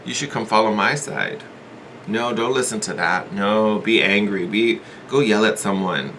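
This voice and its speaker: A man's voice: on the low side, measured pace, pushed and bright, slight background noise. A man voicing a sly, goading devil who tempts the listener with needling questions and urging. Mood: taunting.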